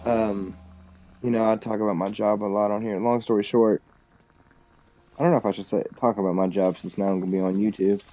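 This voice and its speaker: A young man chats loosely while streaming a game, cursing freely and rambling from thought to thought. His voice sits a little low and sounds mellow. Faint game music plays behind him. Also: steady tone, fairly quick. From United States. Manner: loose, profane, rambling, laughs often. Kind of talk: casual live-stream chat while gaming.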